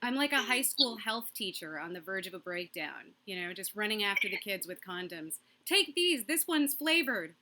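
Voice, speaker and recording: A woman from Massachusetts performs a stand-up set into her own microphone on a video call. Her voice is bright and forward, and she snaps through the jokes and laughs at her own punchlines. A faint hiss sits under the recording. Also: mid-range voice. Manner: quick, punchy joke delivery with self-laughs. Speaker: stand-up comedian.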